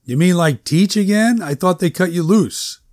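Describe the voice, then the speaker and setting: A man's voice: high voice, normal speed, a little mellow, no room sound, clean studio sound, pitched above the performer's own voice, natural voice. A man voicing an easygoing, wry man with a practical, breezy manner, in a story reading.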